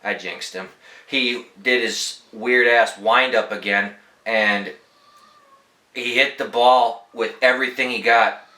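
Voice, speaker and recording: A young man tells casual, rambling anecdotes, swearing freely in a relaxed way. His voice sounds bright and forward. The room around him is echoey. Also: medium pitch, takes it slowly. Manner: laid-back, profane, rambling anecdotes. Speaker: podcast host. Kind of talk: casual storytelling.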